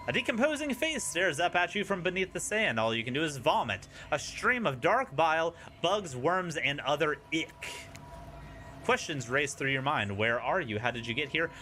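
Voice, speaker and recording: A man's voice: fairly high pitch, sharp tone, a little hiss or hum. A man streaming a dating sim, reading its narration aloud with playful, wry asides.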